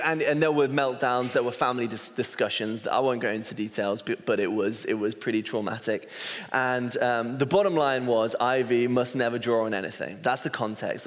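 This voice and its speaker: Chatty pastor in an echoing hall. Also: male voice, mid-range voice. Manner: chatty, self-correcting, anecdotal. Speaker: associate pastor. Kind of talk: sermon with personal storytelling. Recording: long hall reverb.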